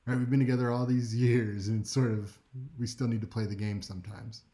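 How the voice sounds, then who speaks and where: A male speech instructor gives a recorded class lecture in a mellow, warm tone at a mid-range pitch. He keeps it conversational and wry, often checking in with his listeners. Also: level tone, fairly quick. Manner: conversational and wry, with frequent "right?" check-ins.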